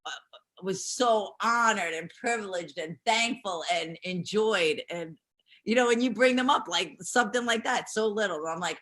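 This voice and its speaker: Woman, interview guest, bright tense voice, bubbly, rambling, laughs a lot. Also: mid-range voice, normal speed. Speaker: interview guest, pro wrestler. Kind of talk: casual interview chat.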